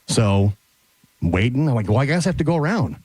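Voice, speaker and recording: A man on a radio show, excitedly retelling a run-in, a bit out of breath. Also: mid-range voice, fast talker, no echo. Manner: excited, retells a confrontation with lively quoted voices. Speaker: show regular. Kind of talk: animated storytelling on a radio show.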